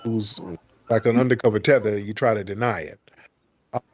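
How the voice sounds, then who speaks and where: A man hosting a livestream call-in, mocking callers in an animated, sarcastic way with sudden high exclamations. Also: normal speed. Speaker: livestream host.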